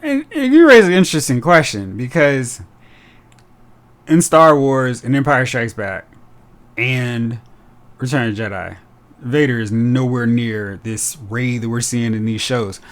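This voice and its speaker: Animated male podcast host. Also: medium pitch. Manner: animated, acts out character lines in quick impressions. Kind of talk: casual chat.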